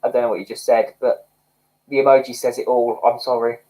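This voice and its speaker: A man hosting a casual livestream, chatting excitedly with viewers and laughing often. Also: mid-range voice, brisk, poor audio. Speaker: livestream host. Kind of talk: casual livestream chat reading comments.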